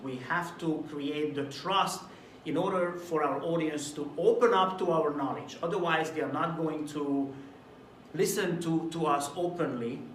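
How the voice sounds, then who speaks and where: A man from Hungary giving a recorded video talk to camera about presentation delivery, lively and at times acting out a dull, mumbled way of speaking as a contrast. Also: fairly high pitch, reverberant, recorded from a distance, slight background noise. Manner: animated, demonstrates flat and mumbled delivery as examples. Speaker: presentation coach.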